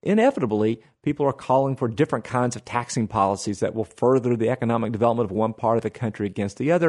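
A man's voice: medium pitch, quick pace, few pauses, darkish tone. A man co-hosting a history talk, explaining with a wry, folksy manner and frequent laughs. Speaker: history podcast co-host. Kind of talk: casual history discussion.

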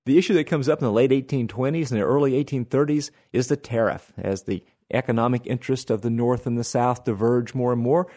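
A man's voice: medium pitch, fast talker, few pauses, warm tone. A man co-hosting a history talk, explaining with a wry, folksy manner and frequent laughs. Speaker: history podcast co-host. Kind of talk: casual history discussion.

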